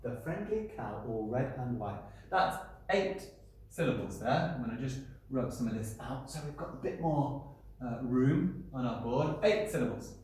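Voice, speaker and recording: A male primary school teacher giving a recorded lesson to children at a whiteboard. He talks in an animated, playful way and puts questions to the pupils. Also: medium pitch, unhurried, a little hiss or hum. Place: classroom by a whiteboard. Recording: echoey room.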